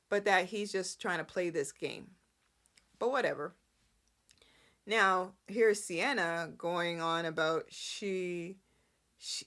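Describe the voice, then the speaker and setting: Woman, soap recap host, slow unhurried delivery, opinionated, rambling asides. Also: mid-range voice, fairly bright tone. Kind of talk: casual recap chat.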